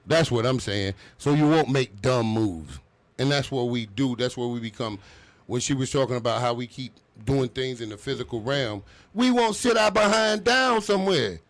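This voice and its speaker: A man's voice: medium pitch, animated, moderate pace. A middle-aged man co-hosting a live talk show, emphatic and streetwise, often repeating himself. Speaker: co-host, coach.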